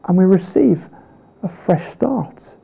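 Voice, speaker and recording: High-voiced preacher, earnest. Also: male voice, lively intonation, creaky, husky, lo-fi sound. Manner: earnest, rhetorical questions, slow emphatic pauses. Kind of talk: sermon.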